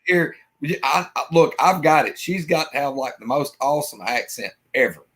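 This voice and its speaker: A man co-hosting a live stream, telling folksy stories in an animated way. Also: a little high, normal speed. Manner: animated yarn-spinner, folksy. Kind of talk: casual storytelling chat.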